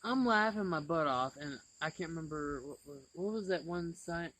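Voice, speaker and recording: A man hosting a casual chat, telling a story in an animated way and laughing often. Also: fairly high pitch, normal speed, low-quality recording. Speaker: channel host.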